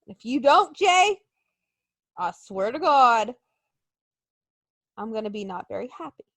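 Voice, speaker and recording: A woman's voice: on the high side, very animated, a little slow, a bit bright, no echo. A young woman co-hosting a podcast, talking casually with mock anger and sarcasm, swearing often. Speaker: podcast co-host. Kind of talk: casual chat.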